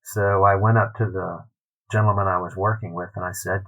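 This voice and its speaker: A man, a literary scholar, telling an anecdote in a podcast interview, animated and acting out the quotes. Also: low voice, a little fast, low-quality recording. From United States.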